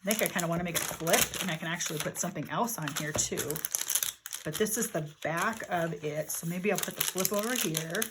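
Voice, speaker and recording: An older woman chatting loosely while she crafts, thinking aloud and wandering off topic. Her voice sits a little low. Paper crinkles clearly in the background. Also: a little fast, very noisy. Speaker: journaling vlogger. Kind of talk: casual crafting narration.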